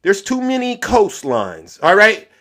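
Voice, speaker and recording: A man's voice: sits high, huge pitch swings, measured pace, bright, forceful tone. A man hosting a livestream, ranting and mocking in a preachy tone, laughing through his lines. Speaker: livestream host.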